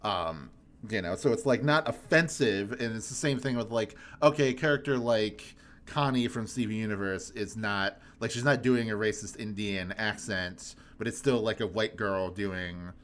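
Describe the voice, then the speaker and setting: A man with a low voice, co-hosting a podcast. He talks casually and rambles a bit as he works through his thoughts. He laughs often. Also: moderate pace, a bit bright. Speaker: podcast co-host. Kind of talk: casual chat.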